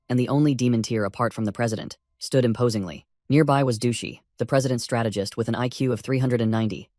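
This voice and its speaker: A man narrating a story recap in an even, steady reading at a middle pitch. The voice is dry and close to the mic, with faint music playing underneath. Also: no room sound.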